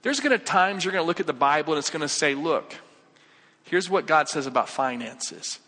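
Male pastor, chatty jokey sermon, bright fairly high voice, hall reverb. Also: animated, normal speed. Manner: conversational, jokey, acts out quoted voices. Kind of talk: sermon with acted-out story.

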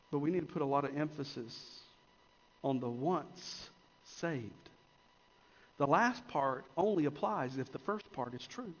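A man preaching a sermon as pastor, swinging between emphatic rises and quiet, intense drops. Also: a little high. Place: church sanctuary. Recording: long church reverb, dull lo-fi sound.

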